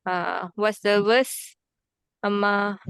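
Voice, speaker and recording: A woman's voice: mid-range voice, little pitch movement, drawn-out words, vocal fry, a bit bright, clear, resonant tone, dry recording. A woman teaching Arabic grammar in an online class, patiently asking students questions and checking they follow. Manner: patient, checks understanding often.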